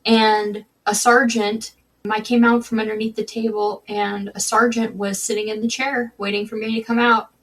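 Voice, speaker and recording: A woman's voice: a little high, little pitch movement, normal speed, far from the mic, low-quality recording. Candid woman telling her story, a bit off-mic. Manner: candid, conversational, with frequent restarts. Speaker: podcast guest. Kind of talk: personal storytelling in a podcast interview.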